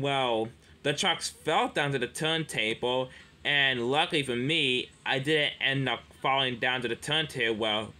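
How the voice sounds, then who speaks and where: A man's voice: mid-range voice, bright, forceful tone. A man doing a rambling, explaining tank engine. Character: sensible male tank engine, defensive.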